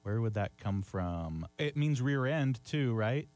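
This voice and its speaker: A man's voice: medium pitch, lively intonation, slow pace, darkish tone. A man co-hosting a casual chat about word origins, curious, asking questions and musing aloud. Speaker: podcast co-host.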